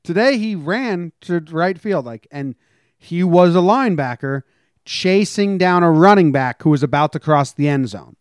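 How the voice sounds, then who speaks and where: A man's voice: a little high, lively intonation, moderate pace, clear, resonant tone, no room sound. Laid-back joking man, dry close sound. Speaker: podcast co-host. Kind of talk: casual sports chat.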